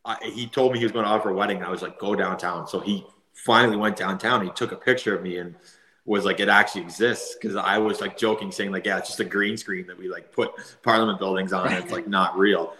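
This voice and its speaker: A man's voice: sits low, fairly even intonation, fast, pushed and bright, roomy sound. A man in his thirties, a former player and podcast guest, telling stories in a chatty way, laughing often. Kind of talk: casual storytelling.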